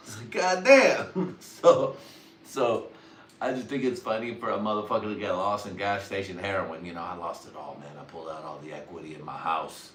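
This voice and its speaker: Profane low-voiced man riffing in a roomy space. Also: steady tone, a little fast, fairly bright tone, slight background noise. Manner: profane, rambling, often laughing at his own jokes. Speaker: livestream comedian. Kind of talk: crude stand-up riffing on a livestream. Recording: roomy sound, distant from the mic, faint ambience.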